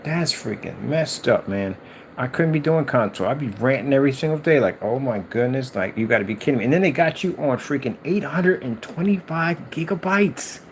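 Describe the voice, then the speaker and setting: A man hosting a gaming video, ranting in exasperated, animated commentary and mocking imagined replies. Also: medium pitch, brisk, a little hiss or hum. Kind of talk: ranting commentary over clips.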